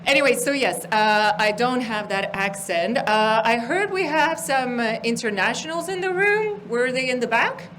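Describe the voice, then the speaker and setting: A woman's voice: on the high side, lively intonation, normal speed, few pauses, fairly bright tone, slight background noise, poor audio. A woman from Estonia doing stand-up, teasing the audience playfully at a live comedy venue. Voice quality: playful crowd work, teasing.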